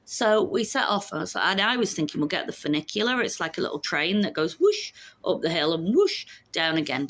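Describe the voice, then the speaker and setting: A woman's voice: sits low, fairly bright tone. A woman in her fifties chatting frankly and casually to camera about her week, with the odd swear word. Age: 50s. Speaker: vlogger. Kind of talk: casual chat.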